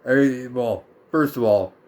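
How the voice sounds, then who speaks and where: A man in his thirties who tells a personal story to camera. He is blunt and sarcastic and swears freely. His delivery is casual and conversational, at a middling male pitch. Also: moderate pace, darkish tone. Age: 30s. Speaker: vlogger.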